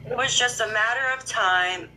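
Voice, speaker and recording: Bright-voiced woman hosting a crime livestream. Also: on the high side, normal speed, a little hiss or hum, rough recording. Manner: chatty, greets viewers by name, comments between read passages. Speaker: true-crime livestream host. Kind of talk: casual livestream, reading news aloud.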